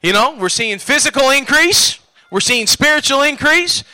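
Male revival preacher, very high and sharply bright, exhorting his church in call-and-response. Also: lively intonation, moderate pace, low-quality recording. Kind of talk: revival sermon. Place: church service.

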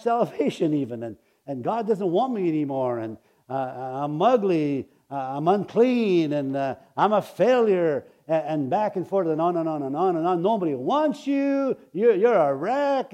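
Stammering, high-pitched male preacher. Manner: swings between loud exclaiming and low confiding asides; stammering restarts, chuckles, addresses the congregation. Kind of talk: sermon.

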